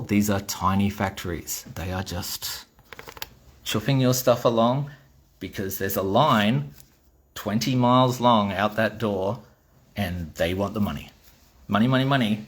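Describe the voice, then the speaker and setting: A man's voice: lowish voice, moderate pace. A middle-aged Australian man, a toy designer, giving a blunt, exasperated ranting monologue and swearing freely.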